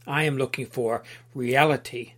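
Man doing an earnest young truth-seeker in a storybook reading, measured and steady. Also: mid-range voice, lightly acted.

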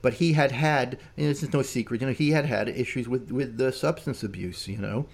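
A man's voice: mid-range voice, fairly quick, creaky. An older man, a musician, telling stories in casual talk, rambling and full of "man" and "you know". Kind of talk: casual storytelling.

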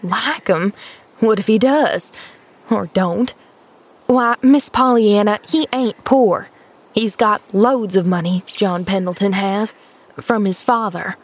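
A woman's voice: mid-range voice, slow. A woman reading an audiobook, voicing a plain-spoken, gossipy country housemaid who exclaims readily.

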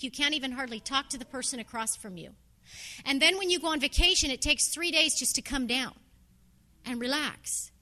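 A woman's voice: high voice, bright, forceful tone. A woman preaching a sermon in a conversational, earnest storytelling way.

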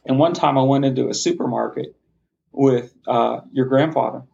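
Podcast guest, middle-aged man, gravelly voice, earnest storyteller, slightly muffled lo-fi sound. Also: mid-range voice, steady tone, darkish tone, a little hiss or hum. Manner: heartfelt, passionate, halting restarts.

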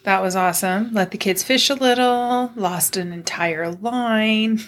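A middle-aged woman co-hosting a relaxed chat show. She talks in a chatty, storytelling way and laughs often. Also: medium pitch, unhurried. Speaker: podcast co-host. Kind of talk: casual chat.

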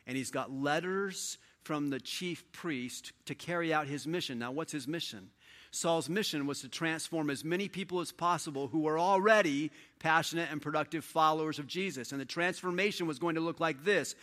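Preacher guy, bright voice, chatty storytelling sermon. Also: on the high side, normal speed. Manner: storytelling, conversational, animated. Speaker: pastor. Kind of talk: sermon with scripture reading.

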